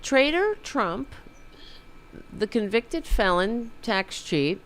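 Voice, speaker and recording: A man's voice: high-pitched, big pitch swings, slow, fairly bright tone. A man hosting a podcast, delivering a rambling, sarcastic political commentary monologue. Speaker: podcast host.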